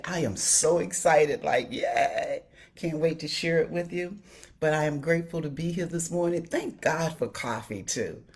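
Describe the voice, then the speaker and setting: Woman, deep voice, casual live-stream chat, greets viewers warmly. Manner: chatty and upbeat, greets viewers by name. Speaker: inspirational host of a live stream. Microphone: phone or webcam on a live stream.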